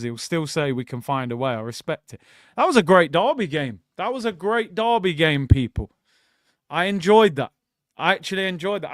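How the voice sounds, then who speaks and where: A man hosting a live football watchalong, chatting to viewers with excitable reactions and bursts of shouting. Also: a little high, dry recording, clean studio sound. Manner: chatty, addresses viewers as "people".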